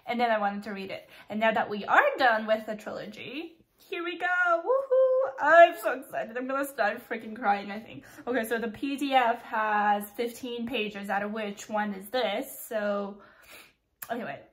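A young woman with a stuffy nose, gushing excitedly in a casual reaction vlog and saying "like" a lot. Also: fairly high pitch, normal speed. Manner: gushing and excitable, with lots of "like" and "freaking". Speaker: book vlogger.

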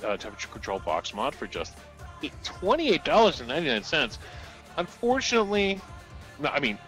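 A man's voice: medium pitch, a bit bright. A man co-hosting a casual live stream, joking loosely and laughing often as he presents product deals.

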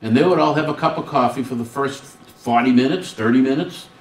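Speaking a little fast at medium pitch, a male guest speaker delivers a workshop talk on student service, full of humor. He animatedly acts out short dialogues along the way, recorded from a distance in a roomy hall.

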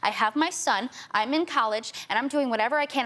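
A woman's voice: high voice, bright, forceful tone. A young woman in her twenties, a talk show guest, telling her story with urgency and frequent restarts. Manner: tearful, rushed storytelling with many restarts. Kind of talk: emotional talk show testimony.

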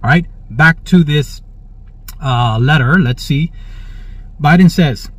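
A man's voice: fairly high pitch, slow, slightly rough. A man hosting prophetic religious commentary. He reads the news aloud, cuts in with praise, and keeps checking in with listeners. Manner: jubilant, interjects praise and frequent "all right?". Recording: dull, dry lo-fi recording.

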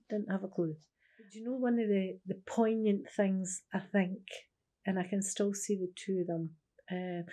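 Mellow low-voiced Scottish woman in her sixties. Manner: earnest, repeats "I says", acts out remembered dialogue. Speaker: interviewee, carer's widow. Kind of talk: personal storytelling interview.

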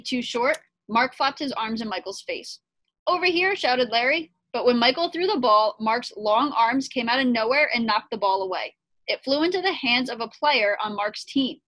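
Woman, teacher, slightly high pitch, friendly, expressive picture-book reading. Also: dry recording.

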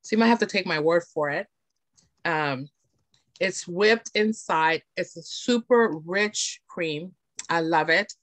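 A woman's voice: on the low side, slow pace, fairly bright tone, dry recording. Chatty woman demonstrating skincare products. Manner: chatty, enthusiastic, often asks "right?". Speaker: beauty consultant presenter. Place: home, on camera.

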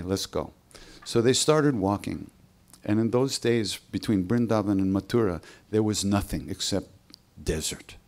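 A man telling a spiritual story at a live workshop in a relaxed, conversational way, acting out the voices of the people in it. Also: lowish voice.

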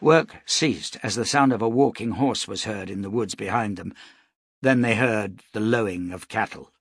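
A man narrating an audiobook in a steady, measured storytelling voice. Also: lowish voice, gravelly, slightly rough, no room sound, studio quality.

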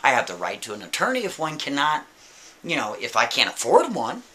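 A man puts on a calm, defiant prisoner in a storytold scene. He recites in a flat, unbothered way, in a bright, lively voice. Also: mid-range voice, fairly quick. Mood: calm recital.

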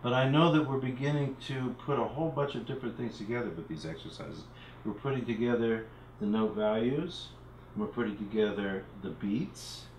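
A man's voice: mid-range voice, normal speed, darkish tone, reverberant, a little hiss or hum, rough recording. A man teaching a recorded music literacy lesson from home, explaining symbols and chanting rhythm syllables as he counts. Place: home room.

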